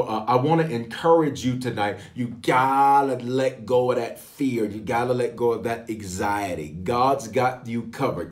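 Lively pastor hosting a livestream. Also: male voice, medium pitch. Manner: lively, call-and-response greetings to viewers. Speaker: pastor leading online prayer.

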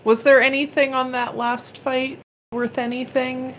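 A woman's voice: high-pitched, little pitch movement, a little slow. A woman co-hosting a casual podcast, chatty and opinionated, often laughing. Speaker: podcast co-host. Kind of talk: casual chat.

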